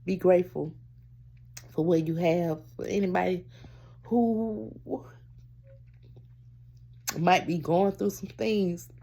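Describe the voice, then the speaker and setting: A woman vlogger telling a personal story to camera in a rambling, halting way, often calling her viewers y'all and breaking off to restart. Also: lowish voice, mellow. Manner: restarts and trails off.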